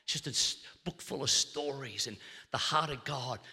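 A middle-aged Australian man preaching a sermon, telling funny stories with quick restarts. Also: mid-range voice, vocal fry. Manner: animated humorous storytelling with quick restarts. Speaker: pastor. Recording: long hall reverb.

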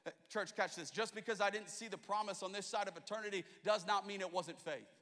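High bright-voiced preaching man. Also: fairly quick. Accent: American. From Australia. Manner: preaching with rhetorical questions to the congregation. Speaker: pastor. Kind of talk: sermon. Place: church. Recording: long hall reverb.

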